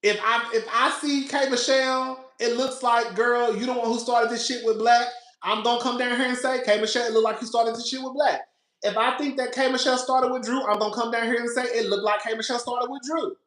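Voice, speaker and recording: A man's voice: very high voice, fairly even intonation, a little fast, a bit bright. Sassy laughing man in an echoey room. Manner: sassy, laughs a lot, repeats himself, calls listeners "girl". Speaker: podcast host. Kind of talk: casual reality TV commentary.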